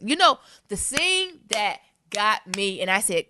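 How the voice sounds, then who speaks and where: A woman's voice: mid-range voice, expressive, a little fast, hardly any pauses, a bit bright, slight background noise. A woman co-hosting a casual podcast chat, telling stories animatedly and acting out scenes with voices. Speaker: podcast co-host. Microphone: studio podcast mic.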